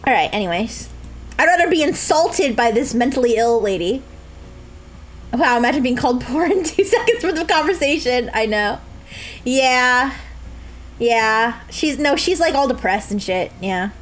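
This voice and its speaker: A young woman streaming a game, joking and laughing a lot with high squeals. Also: lively intonation, moderate pace, a little hiss or hum. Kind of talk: casual game commentary.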